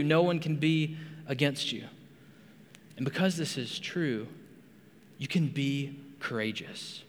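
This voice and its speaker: Man, pastor, earnest sermon, slightly high voice, long hall reverb. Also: a bit bright. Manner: earnest, repeats words when starting phrases. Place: rec center meeting room.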